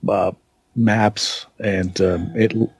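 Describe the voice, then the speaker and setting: A man hosting a podcast in casual chat, joking dryly and pausing on fillers. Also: fairly low pitch, level tone, vocal fry, darkish tone, husky, dry recording. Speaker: podcast host.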